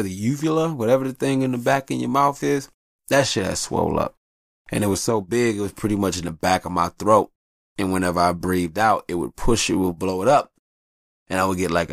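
Deep gravelly guy just talking, profane storyteller, very dry mic. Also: no echo. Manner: candid, profane, acts out voices in his stories. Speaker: podcast host. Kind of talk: casual storytelling monologue.

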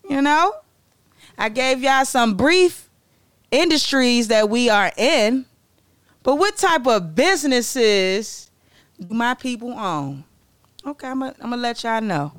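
A young woman from Maryland explains business facts in a loose, excitable vlog manner, cracking jokes, swearing and drifting into side remarks. Her voice sits a little high and is exceptionally smooth and clear. The recording is close and dry, with no room sound. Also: slow pace, long pauses, dry recording. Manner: excitable, joking, digressive, swears freely. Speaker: vlogger presenting facts on Black-owned businesses. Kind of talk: casual educational vlog talk.

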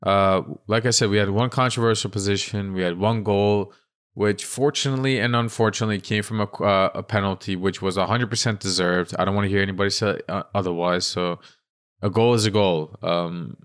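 A man's voice: lowish voice, steady tone, fairly quick, smooth. A man co-hosting a casual football podcast, animatedly retelling match moments in a chatty play-by-play way. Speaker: podcast co-host. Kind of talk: casual sports podcast chat.

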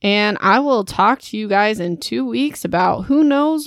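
A woman's voice: medium pitch, expressive, unhurried, hardly any pauses, faint music behind. A young adult woman hosting a casual book podcast, chatty and self-mocking, laughing at her own slips into a home microphone. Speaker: podcast host.

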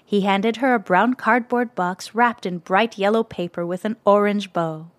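A woman narrating a children's story in a gentle, expressive way, close to the mic. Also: medium pitch, normal speed, dry recording.

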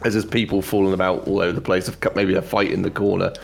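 A man narrating a tabletop game as game master, relaxed and rambling. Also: deep voice, fast talker, vocal fry, faint music behind. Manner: relaxed, rambling, many fillers.

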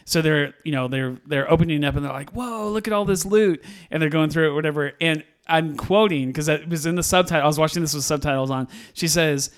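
A man with a somewhat high voice, chatting through a film review on a podcast. He is animated, laughs often and puts on the characters' lines as he retells scenes. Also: fast, hardly any pauses, clear, resonant tone. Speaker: podcast co-host. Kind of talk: casual movie review chat.

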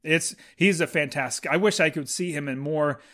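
A man's voice: fairly high pitch, normal speed, a bit bright. A man chatting casually and enthusiastically about a movie as a podcast co-host, rambling with frequent restarts.

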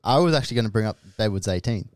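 A man's voice: fairly low pitch, expressive, no room sound, clean studio sound. Laid-back young Australian guy. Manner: laid-back, slangy, quick to laugh along. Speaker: podcast guest. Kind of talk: casual chat among mates.

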